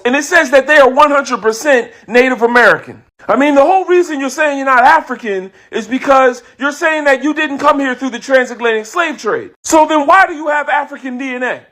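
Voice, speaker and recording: A man's voice: very high-pitched, bright, forceful tone. A man delivering a scripted commentary monologue, emphatic and full of rhetorical questions.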